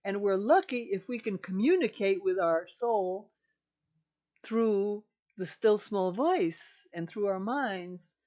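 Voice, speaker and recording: A woman's voice: medium pitch, lively intonation, takes it slowly, mellow. Older female spiritual teacher, emphatic and repetitive delivery, mid-range voice.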